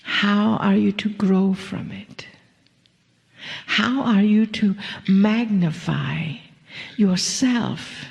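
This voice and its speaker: A woman with a gravelly, creaky voice delivers a channeled spiritual message, speaking as "we." She talks slowly and soothingly, sinks into breathy whispers and chuckles softly. The sound rings with a long reverb from a live hall. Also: medium pitch, lo-fi sound. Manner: speaks as a collective "we", slow and soothing, drifts into whispers, chuckles often. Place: live venue with an audience.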